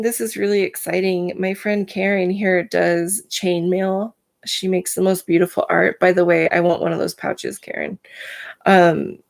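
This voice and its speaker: A woman's voice: medium pitch, vocal fry. A woman hosting a casual live stream, chatting to viewers by name, full of filler words, and in pain today.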